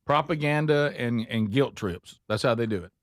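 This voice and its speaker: A man hosting a talk radio show, speaking emphatically with quick opinionated asides in casual banter. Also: medium pitch, dry recording.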